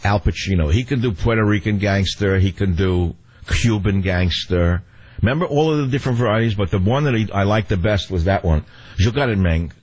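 Older husky man hosting talk radio. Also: lowish voice, brisk, darkish tone, no echo. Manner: rambling, wry and joking. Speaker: radio host.

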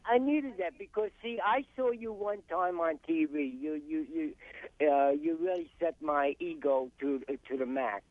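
A man's voice: on the high side, unhurried, dry recording. A man with a New York accent calling in to a radio show, hesitant and eager, stumbling over his words. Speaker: caller. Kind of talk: call-in chat. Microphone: telephone. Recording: tinny phone line.

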